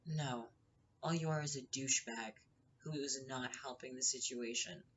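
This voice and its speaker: A woman's voice: very deep voice, normal speed, slightly rough, dull audio. A woman hosting her own show, retelling a story in a casual, heated and profane way, acting out the quotes. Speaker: podcast host.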